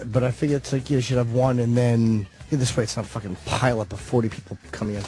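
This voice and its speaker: A man's voice: medium pitch, steady tone, fast, mellow, soft background music. A man producing a radio show, talking in a blunt, offhand way during casual studio banter.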